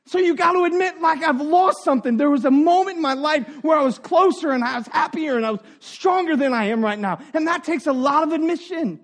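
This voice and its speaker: A middle-aged man preaching a sermon in an earnest, conversational way, dropping to quiet asides and rising for emphasis. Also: very high voice, lively intonation, fairly quick, few pauses. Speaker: pastor.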